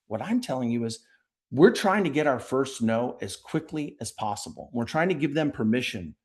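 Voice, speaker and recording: Direct, energetic man talking sales. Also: mid-range voice, moderate pace, slightly rough. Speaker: podcast guest, sales leader. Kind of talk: conversational interview.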